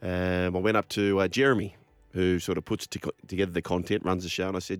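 A man, hosting a radio show in a relaxed, easygoing way with many fillers. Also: deep voice, a little fast, clean tone, no room sound, faint music behind. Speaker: radio host. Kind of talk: casual radio chat.

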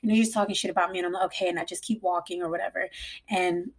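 A woman's voice: on the low side, fairly even intonation, very fast, husky. A young woman and mother telling a personal story casually, rambling with lots of "like" and cursing freely. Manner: rambling, frequent "like", swears freely.

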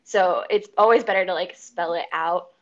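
A woman's voice: fairly low pitch, moderate pace, a bit bright. A young woman talks casually as an interview guest. She is chatty, laughs often and fills her sentences with "like". Her voice comes through a slightly muffled, lo-fi recording. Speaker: corporate pilot, podcast guest. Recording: slightly dull lo-fi sound.

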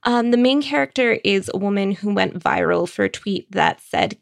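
A woman recommending books in a casual, wry, conversational way, with quick asides. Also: mid-range voice, expressive, vocal fry, dry recording, clean studio sound. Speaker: book critic.

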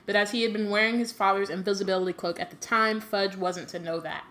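Relaxed woman co-host, casual chat. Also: medium pitch, fast talker, roomy sound. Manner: relaxed, laughs often, quiet asides. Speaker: podcast co-host.

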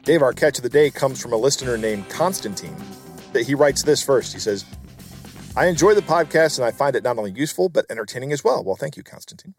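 A man's voice: mid-range voice, lively intonation, fast talker, soft background music. A man co-hosting a podcast, explaining things in an emphatic, conversational way. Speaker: podcast co-host. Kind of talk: casual chat.

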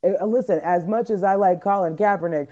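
A woman's voice: medium pitch, fairly quick, dark tone. A woman hosting a podcast in casual chat, talking bluntly and emphatically with plenty of slang. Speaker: podcast host. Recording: dull lo-fi recording.

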